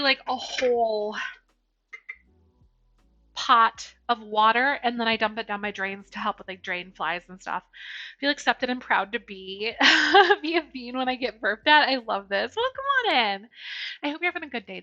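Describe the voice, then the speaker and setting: A bubbly Twitch streamer bakes in her home kitchen, chatting easily and saying hello to viewers by name. Her fairly high voice is bright and forceful, delivered at a moderate pace. The stream audio is lo-fi and slightly dull, with faint music.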